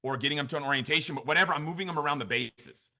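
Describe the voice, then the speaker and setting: An American man delivers a motivational training talk at a fast clip, his voice bright and sharp. He drives each point home and keeps asking his listeners "right?" as he goes. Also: on the high side. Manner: rapid, energetic, repeats "right?" to the audience. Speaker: network marketing leader training his team.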